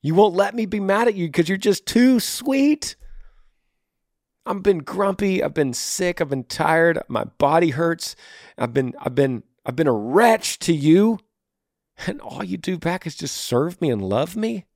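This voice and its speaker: Brief: man playing a worn-out husband, soft and confessional, dry room. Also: high voice, animated, unhurried, no echo, pitched above the performer's own voice. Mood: grateful. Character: scared, worn-out husband after illness.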